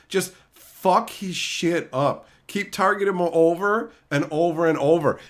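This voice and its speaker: A man's voice: a little high, normal speed, a bit bright. A male streamer casually answering chat questions in a profane, rowdy, mocking way.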